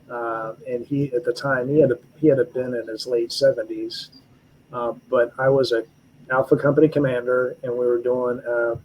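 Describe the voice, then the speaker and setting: A man in his fifties, a retired army officer, telling his service stories in an interview with earnest, halting speech full of fillers and restarts. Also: medium pitch, a little hiss or hum, low-quality recording. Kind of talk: storytelling interview.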